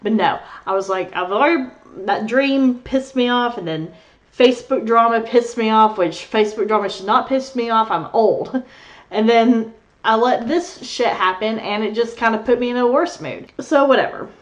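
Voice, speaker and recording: A woman's voice: fairly high pitch, normal speed. A young adult woman vlogging, telling a rambling story in casual chat and laughing as she goes. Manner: candid, rambling, laughs through her story.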